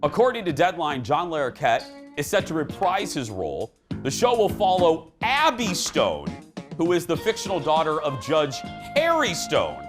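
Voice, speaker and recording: Animated joking talk show host, man. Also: a little high, moderate pace, soft background music. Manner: animated, joking, emphatic pleading. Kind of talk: casual entertainment chat.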